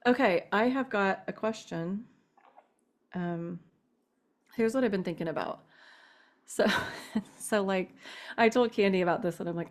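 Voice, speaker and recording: A woman's voice: mid-range voice, measured pace, pauses often. A woman co-hosting a podcast, talking through a question in a candid, rambling way, full of "like" and restarts, with a casual swear now and then. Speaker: podcast co-host asking a question. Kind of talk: casual chat.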